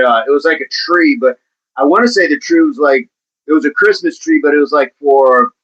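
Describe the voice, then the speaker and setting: A man hosting a fitness livestream in a casual, upbeat way, chatting and giving playful shout-outs to viewers by name. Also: mid-range voice, lo-fi sound. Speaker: livestream host of a fitness channel. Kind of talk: casual livestream chat, reading out viewer comments.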